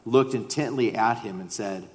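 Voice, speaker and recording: A man's voice: lowish voice, normal speed. A man preaching a sermon and reading scripture, earnest, acting out quoted lines with rising emphasis. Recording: long reverb of a large hall.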